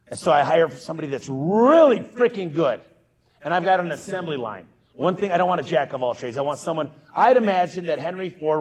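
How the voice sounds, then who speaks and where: A man's voice: on the high side, low-quality recording. Punchy man giving a keynote. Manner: punchy, emphatic, talks straight to the crowd. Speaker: keynote speaker. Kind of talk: energetic conference keynote. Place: conference stage.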